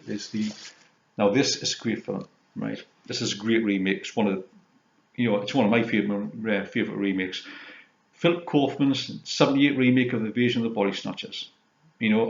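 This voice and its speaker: A man in his fifties from Britain, hosting a casual chat about film releases and filling his talk with "you know". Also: lowish voice. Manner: rambling, leans on "you know", retells scenes. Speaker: host, film collector. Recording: roomy dull lo-fi sound.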